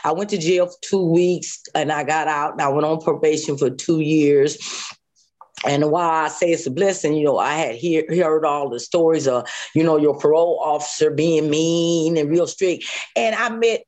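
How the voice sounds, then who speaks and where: A woman guest telling her own survival story in an interview, animated, acting out what people said and repeating phrases. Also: low voice, moderate pace. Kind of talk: emotional personal testimony.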